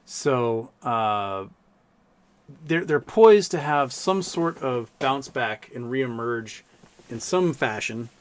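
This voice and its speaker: A man in his thirties hosts a livestream, chatting casually and telling rambling stories packed with fillers. His voice is mid-range, expressive and clean, and he speaks slowly.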